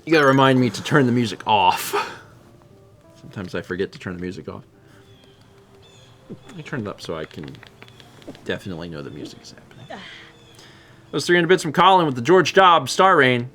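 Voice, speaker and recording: A man's voice: mid-range voice, very animated, fairly quick, long pauses, a bit bright, faint music behind. A man streaming a video game, chatting casually and rambling with frequent self-corrections. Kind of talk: casual gameplay chat.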